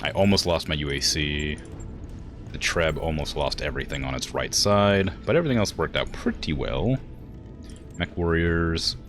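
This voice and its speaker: A man's voice: rumbling low, expressive, moderate pace, a bit bright, faint music behind. A young man streaming a video game, chatting casually, thinking aloud and chuckling as he plays. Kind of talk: casual gameplay chat.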